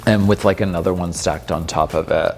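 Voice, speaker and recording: A man's voice: low-pitched, fairly even intonation, brisk, a little mellow. A man in his thirties, a drag performer casually reacting to his old footage, chatty and amused. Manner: chatty, amused, lots of filler "like". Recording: long room reverb with faint music.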